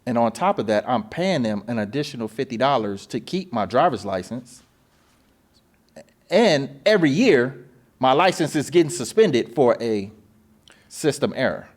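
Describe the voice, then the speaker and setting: A man in his forties, hosting a podcast and telling his story in a casual, animated way, acting out phone calls with voices and swearing. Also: mid-range voice, moderate pace.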